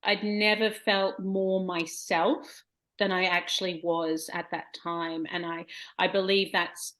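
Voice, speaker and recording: Low-voiced Australian woman in her forties. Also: little pitch movement, takes it slowly, fairly bright tone. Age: 40s. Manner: reflective, laughs easily, trailing restarts. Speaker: guest poet. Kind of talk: casual chat.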